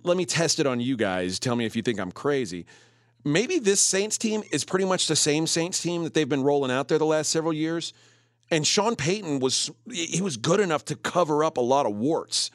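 A man's voice: fairly high pitch, animated, moderate pace, dry recording, studio quality. A man hosting a sports betting podcast, chatting casually as he talks through point spreads and odds.

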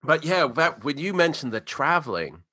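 A man's voice: on the high side, sing-song, normal speed, sharp tone, dry recording. An American man in casual conversation, telling a long story with plenty of likes and you-knows. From United States. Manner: rambling with many fillers and restarts. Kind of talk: casual chat.

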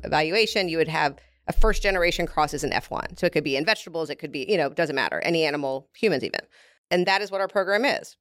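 A woman's voice: sits low, a bit bright, no echo. A woman, a beef company representative, explaining at length in a casual interview, with frequent fillers.

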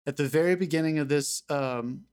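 Dude on a movie podcast, kinda high voice, emphatic. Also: male voice, a little fast, darkish tone, smooth. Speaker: podcast co-host. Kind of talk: casual film discussion.

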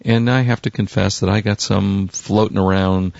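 A man co-hosting a casual radio tech show, pitching products in a relaxed, rambling way, his voice worn out from cheering. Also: moderate pace, creaky, dry recording, dull audio.

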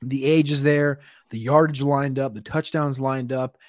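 A man's voice: mid-range voice, steady tone, unhurried, dry recording, clean studio sound. A man co-hosting a fantasy football draft show, talking through picks in a rambling, casual way, sometimes stuttering on names. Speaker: podcast co-host.

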